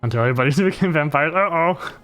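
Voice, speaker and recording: A man's voice: fairly high pitch, fast talker, fairly bright tone, soft background music. A young man streaming a game live, chatting casually with viewers and teammates, laughing often. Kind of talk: casual live-stream chat while gaming.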